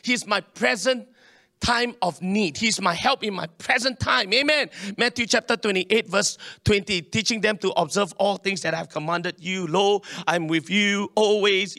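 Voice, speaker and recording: A man preaches to his congregation in a high, bright voice. He swings between loud declarations and quiet asides. The sound is close and dry. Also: no echo. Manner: animated preaching, calls to the congregation. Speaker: pastor. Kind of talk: sermon.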